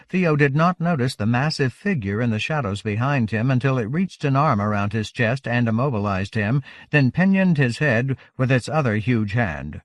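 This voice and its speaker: A man narrating a novel aloud in a measured, steady audiobook reading. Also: mid-range voice, dry recording. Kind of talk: scripted narration.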